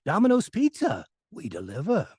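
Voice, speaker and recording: A man imitating an older male commercial announcer with a strange, gnome-like voice and jumpy pitch. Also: wildly swooping pitch, normal speed, darkish tone, husky, dry recording, clean studio sound, exaggerated voice. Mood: upbeat ad pitch.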